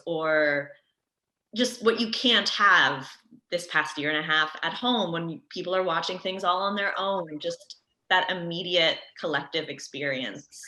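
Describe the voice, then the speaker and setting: A woman's voice: low-pitched, pushed and bright. A woman actress on a video call, speaking gratefully and with enthusiasm. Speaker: actress, guest. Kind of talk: casual interview over video call. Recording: roomy video call audio.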